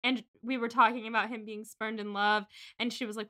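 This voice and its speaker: A young woman co-hosts a relaxed book podcast and recaps the chapters in an animated, gushing rush. Her voice sits fairly high and sounds bright. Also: brisk. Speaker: podcast co-host. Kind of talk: casual book-club chat.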